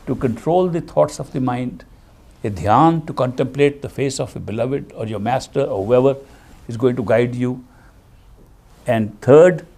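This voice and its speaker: A man giving a calm, explanatory spiritual lecture as a teacher. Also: mid-range voice, vocal fry, breathy edge.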